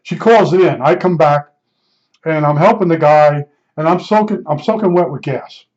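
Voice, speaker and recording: Older man, slightly higher voice, rambling blunt storyteller, dull lo-fi sound. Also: normal speed, darkish tone. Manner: rambling, repeats himself, blunt and emphatic. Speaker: podcast storyteller. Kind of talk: casual spoken storytelling.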